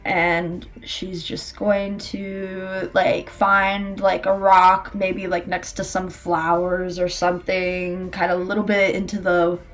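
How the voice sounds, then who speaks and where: A woman's voice: fairly low pitch, little pitch movement, takes it slowly, hardly any pauses. A woman describing her character's actions in a tabletop game, rambling and loose, with faint music underneath. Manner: rambling, full of "like" fillers. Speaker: player. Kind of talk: casual play of a tabletop game.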